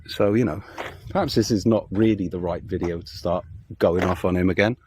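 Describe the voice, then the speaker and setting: A man ranting angrily as a political commentary vlogger, sweary and heated with loud outbursts. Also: on the low side, dry recording. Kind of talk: angry profane rant.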